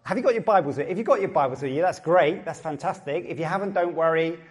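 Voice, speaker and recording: A man's voice: a little high, fast. A middle-aged man with an Essex accent preaching a sermon as a pastor, chatty and joking, often repeating his phrases. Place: church service.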